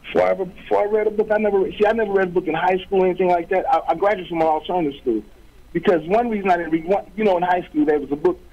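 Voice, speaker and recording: A man's voice: sits high, rapid-fire, highs cut off. A middle-aged man, a guest author, telling his story in an interview with streetwise slang, acting out quoted voices.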